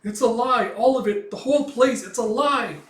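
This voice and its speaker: A man's voice: extremely high pitch, moderate pace, fairly bright tone, voice pushed up. A man voicing a panicked young noble girl who screams hysterically, in a roomy echo from a distant mic.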